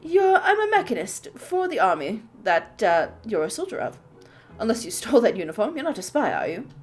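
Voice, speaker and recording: A woman's voice: a little high, wildly swooping pitch, fairly quick, husky, full character voice. A woman voicing an eccentric, chatty male army mechanist who rambles to himself in a fussy, self-assured way.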